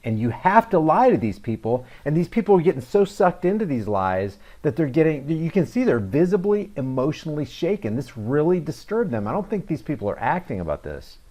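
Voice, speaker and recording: A man's voice: a little high, sing-song, fairly quick, few pauses, a little mellow. A man hosting a reaction video, talking in a sarcastic, mocking commentary style. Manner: mocking, emphatic, with scornful asides.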